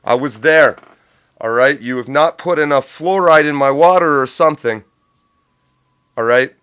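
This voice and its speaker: A man's voice: a little high, moderate pace, a bit bright, clean tone, no echo, clean studio sound. Profane ranting livestream host, man. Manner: profane, sarcastic, rambling. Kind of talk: unscripted livestream rant.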